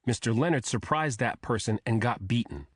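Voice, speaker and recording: A man's voice: mid-range voice, expressive, moderate pace, breathy edge, no echo, studio quality. A man voicing a firm, commanding female chief of detectives in an audiobook thriller.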